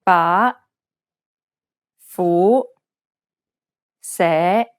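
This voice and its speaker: A woman modeling single syllables for learners, speaking deliberately. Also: on the low side, dry recording. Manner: deliberate, measured. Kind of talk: slow drilled syllables.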